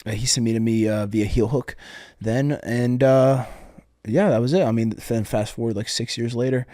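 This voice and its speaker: A young man who is a grappling athlete, speaking as a podcast guest in a relaxed, halting way with many ums and uhs. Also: mid-range voice, no echo, studio quality. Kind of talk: casual interview.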